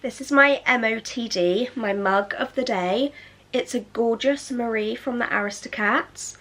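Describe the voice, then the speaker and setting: Chatty excitable young woman vlogger. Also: on the high side, measured pace. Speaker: book vlogger. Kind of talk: casual reading vlog.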